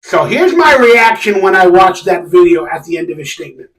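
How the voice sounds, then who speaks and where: Excitable ranting man, high voice. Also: brisk, recorded from a distance. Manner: animated, sarcastic, yells in exasperation. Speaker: sports fan channel host. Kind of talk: casual live-stream rant. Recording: echoey room, a bit off mic.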